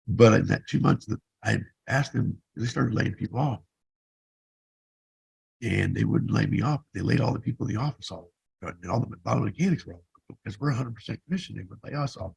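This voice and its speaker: A man's voice: mid-range voice, gravelly, darkish tone, slightly rough, low-quality recording. A man in his fifties who vlogs, telling his own story in a blunt, profane, rambling way. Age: 50s. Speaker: vlogger. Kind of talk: casual personal storytelling.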